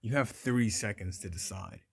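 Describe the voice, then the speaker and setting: A man voicing a ruthless young male ghoul ninja leader who makes slow, measured threats. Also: lowish voice, husky, dry recording, clean studio sound. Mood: menacing.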